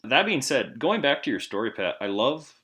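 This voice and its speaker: A man in healthcare telling stories in a casual podcast chat, chatty and animated. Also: mid-range voice, normal speed. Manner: chatty, animated storytelling with laughs. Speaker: podcast co-host, medical professional.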